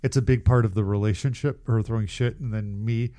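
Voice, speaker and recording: A man's voice: lowish voice, fairly even intonation, fairly quick, dark tone. A man casually telling a rambling, profane story on a podcast, often laughing at himself. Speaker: podcast co-host.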